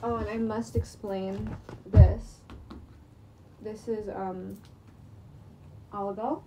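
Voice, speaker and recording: A woman's voice: mid-range voice, level tone, very slow, noisy background. A young woman rambling in a late-night monologue, sleep-deprived, with many fillers, restarts and casual swearing. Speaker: vlogger. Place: room at home at night. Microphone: screen recording on computer.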